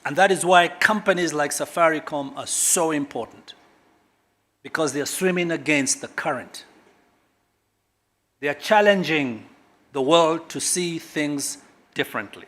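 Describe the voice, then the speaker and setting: Brief: middle-aged man, government speaker, emphatic keynote delivery with dramatic pauses. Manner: emphatic orator, big swings in pitch and loudness, dramatic pauses. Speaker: government official giving a keynote. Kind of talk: public speech at a corporate launch.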